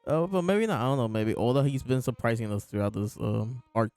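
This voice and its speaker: Talking fairly quickly in a medium-pitched, darkish voice, a man reviews a manga chapter for his podcast. It's a loose, easygoing chat full of filler words and laughter.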